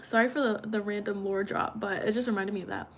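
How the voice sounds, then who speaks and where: A woman's voice: medium pitch, steady tone, quick pace, a little hiss or hum. A young woman livestreaming, telling a story in a rambling, chatty way with many fillers. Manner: rambling, chatty, heavy use of "like".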